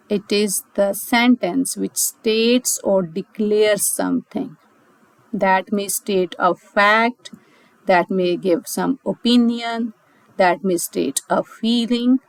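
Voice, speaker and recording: A woman's voice: mid-range voice, no echo, low-quality recording. A woman from Pakistan, teaching a grammar lesson and restating each point in several ways. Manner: repeats and rephrases points, with fillers.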